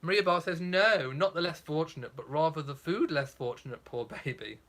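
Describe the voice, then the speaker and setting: A man's voice: a little high, fairly quick, bright, forceful tone. A man hosting a casual live chat, reading out viewer comments in a camp, theatrical, self-mocking way.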